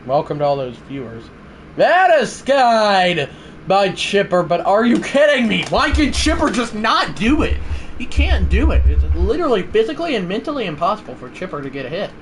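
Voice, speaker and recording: A young man livestreams a ball game at a moderate pace, his fairly high voice jumping from shouts at big plays down to mutters. His excitable gameplay commentary rides over faint room noise.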